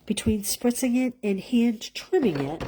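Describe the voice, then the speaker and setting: Mellow-voiced woman teaching card stamping. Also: on the high side, animated, measured pace, slightly rough. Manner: chatty, thinks aloud, drops to a whisper while working. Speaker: card-making instructor. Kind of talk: live crafting demonstration.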